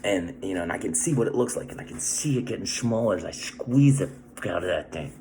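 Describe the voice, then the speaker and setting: Male vlogger, deep-ish, loose and rambling, swears freely. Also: animated, fairly quick, a little mellow, slight background noise. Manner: rambling, profane, constant tag questions. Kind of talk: casual monologue.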